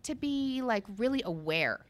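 A bubbly middle-aged woman from the American South, telling animated stories in casual chat. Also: on the high side, unhurried.

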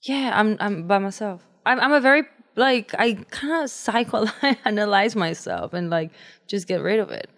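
Woman, podcast co-host, casual chat, relaxed, reflective, middle pitch. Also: normal speed. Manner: relaxed and reflective, laughs often.

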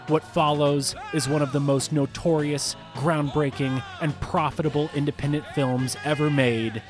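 A man from Atlanta, hosting a podcast, narrating in a clear, conversational storytelling manner. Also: fairly high pitch, steady tone, normal speed, over music. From Atlanta, USA. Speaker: podcast host. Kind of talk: scripted narration.

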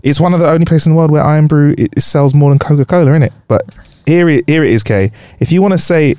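Joking podcast co-host. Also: male voice, a little high, fast, clean tone, dry recording. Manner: joking, playful, animated. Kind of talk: casual chat.

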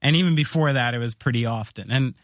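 A man's voice: mid-range voice, fast, dry recording, clean studio sound. A man hosting a casual podcast chat, telling long rambling stories full of fillers. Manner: rambling, filler-heavy storytelling. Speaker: podcast host.

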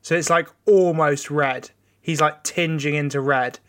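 A man's voice: on the high side, fairly even intonation, a little slow, fairly bright tone. A young man on a podcast, rambling through nerdy chat with plenty of fillers and swearing. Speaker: podcast co-host. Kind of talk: casual chat.

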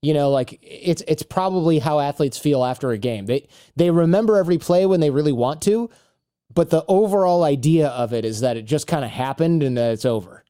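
Man, podcast guest, casual storytelling, mellow tone, dry close recording. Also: a little high, fairly quick, smooth, no echo. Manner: animated storyteller who acts out quotes. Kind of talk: casual interview chat.

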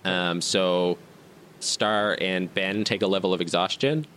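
A man's voice: deep voice, steady tone, measured pace, fairly bright tone, slight background noise. A man narrating a tabletop game as game master, describing scenes in a loose, descriptive way with fillers.

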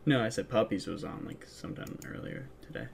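A man's voice: on the low side, expressive, a little fast, gravelly, a little hiss or hum. A young man co-hosting a podcast, chatting casually, joking and laughing often. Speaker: podcast co-host. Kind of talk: casual chat.

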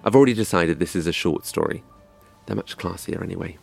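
A man's voice: sits low, fast talker, vocal fry, faint music behind. A young man from England telling a scripted comic story in a wry, dry, self-mocking way. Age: young adult.

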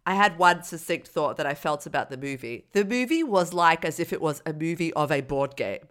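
A woman in casual chat reviewing a film with a co-host, animated and often laughing, with exaggerated mock-outraged retellings. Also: low-pitched, fairly quick. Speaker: podcast co-host.

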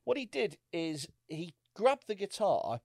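A man's voice: high-pitched, big pitch swings, a little slow, gravelly, a little mellow, dry recording. Swearing storytelling podcast man, dry sound. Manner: storytelling, swearing, acting out quotes. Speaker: podcast co-host. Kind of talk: casual comedy chat.

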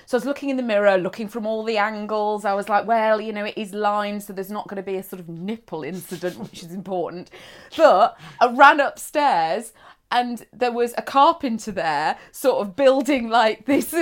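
A woman's voice: a little high, lively intonation. A woman co-hosting a podcast, chatty and affectionate in casual conversation. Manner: affectionate, chatty, quick reactions and asides. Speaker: podcast co-host. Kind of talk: casual chat, storytelling.

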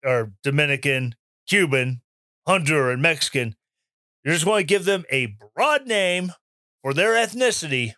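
A man giving opinion commentary in an animated, sarcastic rant, mimicking people he mocks. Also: on the high side, dry recording, studio quality. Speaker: commentary host.

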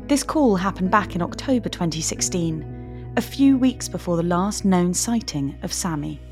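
A woman giving measured, sombre scripted narration as a podcast narrator. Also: fairly low pitch, expressive. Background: soft music.

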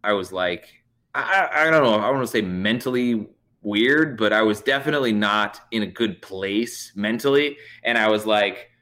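Bright-voiced man telling a story. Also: lowish voice, moderate pace. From United States. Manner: animated, profane, swears freely. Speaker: comedian guest. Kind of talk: casual storytelling.

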